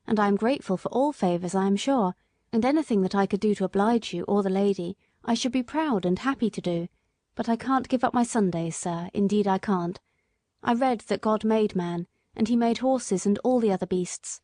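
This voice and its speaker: A woman's voice: medium pitch, warm tone, no room sound, clean studio sound, natural voice. Woman voicing a humble, earnest cabman. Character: earnest, humble working-class male cabman.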